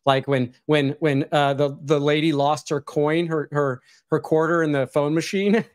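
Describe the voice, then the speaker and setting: A man's voice: fairly high pitch, steady tone, normal speed, no room sound, clean studio sound. A man co-hosting a casual chat, telling rambling stories and laughing often. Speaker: co-host.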